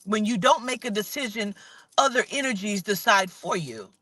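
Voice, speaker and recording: Speaking at a moderate pace in a fairly bright tone, with no room sound, a spiritual vlogger gives an intense, swear-laden talk. She lectures insistently, restating her points again and again, and mutters quietly when she notes she's getting angry.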